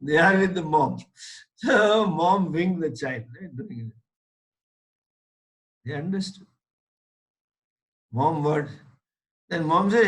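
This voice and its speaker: A man's voice: on the high side, lively intonation, a bit bright, low-quality recording. A man giving a spiritual lecture as a teacher, making his points emphatically and illustrating them with a story. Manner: deliberate, anecdotal, emphatic.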